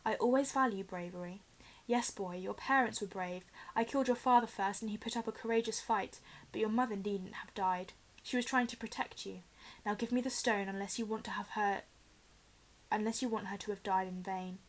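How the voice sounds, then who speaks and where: A cold, hissing storybook villain, a dark lord who is only a face on someone else's head, put on by a woman reading aloud. He speaks in a menacing whisper that can snap into a shriek. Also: mid-range voice, a little fast, lightly acted. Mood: cruel, taunting.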